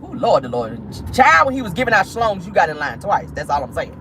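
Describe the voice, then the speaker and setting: A woman's voice: fairly low pitch, big pitch swings, fairly quick, bright, forceful tone, slight background noise. Sassy woman gossiping in a car. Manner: sassy, calls listeners honey and child. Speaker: celebrity gossip vlogger. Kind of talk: casual gossip commentary. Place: inside a car.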